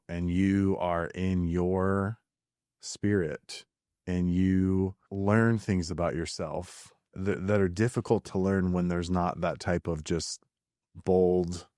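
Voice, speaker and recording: A man in his thirties hosting a podcast, talking in an earnest, halting way with fillers and restarts. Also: sits low, darkish tone, dry recording, clean studio sound. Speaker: podcast host. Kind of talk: reflective podcast monologue.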